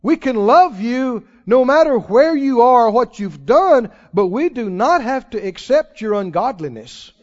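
High-pitched man preaching slow and deliberate, asking the crowd questions, dull lo-fi sound with a long echo. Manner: animated preaching, asks the congregation questions. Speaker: pastor. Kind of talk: sermon.

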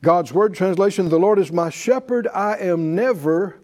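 A man's voice: high voice, moderate pace, a little mellow. A man preaching a sermon, reading verses with emphatic rhythm and leading the congregation in repeated call-and-response. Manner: leads audience in repeated responses.

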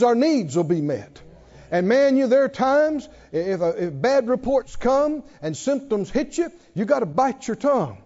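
Male pastor, high voice, slow deliberate delivery, dull lo-fi sermon recording. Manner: animated preaching, rising to near-shouts and dropping to hushed tones; laughs between lines.

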